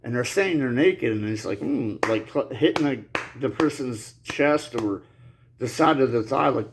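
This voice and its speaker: A man's voice: on the high side, animated, measured pace, a little mellow. A man talking casually to his viewers in a rambling, slangy way. He laughs nervously through serious points and coughs now and then while getting over an illness. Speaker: channel host. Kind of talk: casual monologue to camera.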